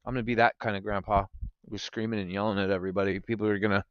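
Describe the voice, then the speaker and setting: Young adult man, casual live-stream chat, smooth voice, dry dull-sounding mic. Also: fairly low pitch, racing, no echo. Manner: animated, swearing, talks to chat. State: recovering from gallstones.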